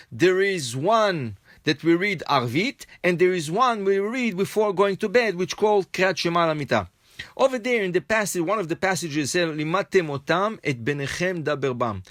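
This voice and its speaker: High-voiced rabbi explaining Talmud step by step. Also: male voice, fairly bright tone, no echo, clean studio sound. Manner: explains step by step, repeats and restates points. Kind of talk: daily Talmud class.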